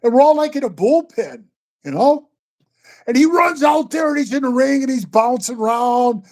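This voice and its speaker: A man's voice: very high-pitched, normal speed. Guy in his 60s telling stories, swears a lot, bro this bro that. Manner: profane, animated, says bro and man a lot. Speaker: guest storyteller. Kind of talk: casual storytelling.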